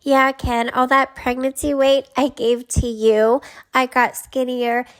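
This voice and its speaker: A woman's voice: sits high, flat delivery, slow. A woman voicing a smug, scheming young woman who talks down to her partner while plotting a hoax. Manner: smug, condescending.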